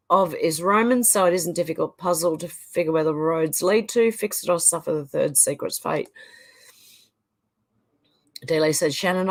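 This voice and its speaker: A middle-aged woman hosting a live stream, reading viewer comments aloud with frequent laughter. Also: fairly low pitch. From Australia. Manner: reads comments aloud, often laughs and chuckles. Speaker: livestream host reading chat. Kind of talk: casual chat reading out comments.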